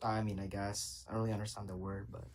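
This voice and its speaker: A man's voice: lowish voice, flat delivery, quick pace, a little hiss or hum, low-quality recording. A young man calling into a live debate, talking casually and hesitantly with lots of fillers. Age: young adult. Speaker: caller.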